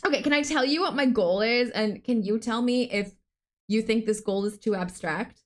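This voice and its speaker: A young woman streams a game live and talks with her chat in a bright, excitable way. Her voice sits a little high, and she often breaks into sudden gasps while she plays. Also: normal speed. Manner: excitable, gasping, chatting with viewers.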